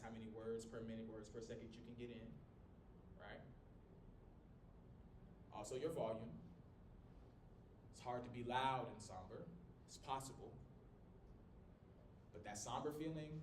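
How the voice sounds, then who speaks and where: A man teaching a college class in a small room without a microphone. He talks in a lively, joking way and swings his volume and pitch up and down to demonstrate. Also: normal speed, pauses often. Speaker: college instructor. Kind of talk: classroom lecture. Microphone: no microphone, recorded from across the room. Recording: echoey room from a distance with low rumble.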